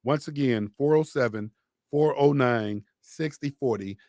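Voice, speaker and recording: A man co-hosting a radio talk show, animated and hyping a sponsor with emphatic repetition. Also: medium pitch, a little slow, no echo, studio quality. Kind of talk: lively radio banter and live sponsor read. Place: radio studio.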